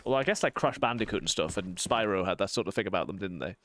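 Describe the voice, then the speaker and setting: A man in his thirties with a softened northeast English accent, chatting casually while streaming a game and rambling through quick asides. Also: low voice, lively intonation. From northeast England. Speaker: streamer and vicar. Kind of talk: casual gaming stream chat.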